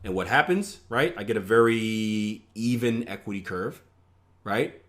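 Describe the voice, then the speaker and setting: A man's voice: fairly low pitch, measured pace, a bit bright. Chatty man coaching traders. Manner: conversational, many filler "right?" checks, self-mocking asides. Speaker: trading coach. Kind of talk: casual teaching over a screen share.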